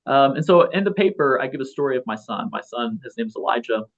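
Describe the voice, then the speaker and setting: A man's voice: medium pitch, animated, fast. Guy in his 30s rambling thru a story on an interview, lots of restarts, kinda muffled lo-fi sound. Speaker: guest, philosopher. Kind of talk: casual conversational interview. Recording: slightly dull lo-fi audio.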